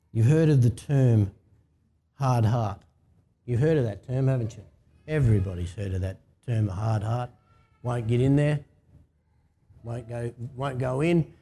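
A man's voice: medium pitch, mellow. A man with an Australian accent preaching a sermon in an informal, talkative way and asking the congregation to answer him. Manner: conversational preaching, asks the congregation to respond. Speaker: pastor.

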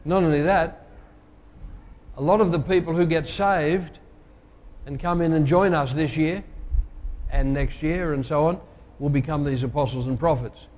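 A pastor delivering a sermon, measured and emphatic, slowing down to stress key phrases. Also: male voice, on the high side, darkish tone. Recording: long hall reverb.

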